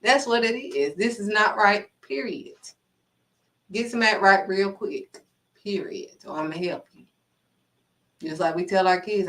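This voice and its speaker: An animated woman giving an informal faith talk, slipping into acted-out dialogue as she goes. Her voice sits at an ordinary pitch and sounds slightly removed from the microphone. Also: unhurried, pauses often, distant mic, low-quality recording. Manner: animated, acts out quoted dialogue. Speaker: faith vlogger. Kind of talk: casual inspirational faith talk.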